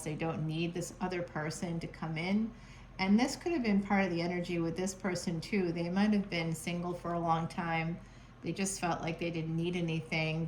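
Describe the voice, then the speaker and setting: A woman reads tarot cards in a casual, rambling way, mixing card names with sarcastic asides. Her voice sits fairly low for a woman. A faint background hiss sits under the talk. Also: rough recording. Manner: playful, sarcastic, chatty with frequent laughs. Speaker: tarot reader. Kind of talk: casual tarot reading to camera. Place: home.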